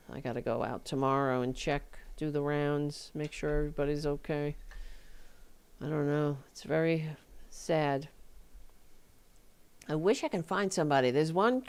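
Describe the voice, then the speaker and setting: A woman's voice: darkish tone, clean tone. A woman hosting a live talk show, ranting angrily with profanity and sarcastic mocking asides into a desk microphone. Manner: heated, profane, sarcastic, voice jumping high in mockery. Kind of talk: angry political rant on a live show.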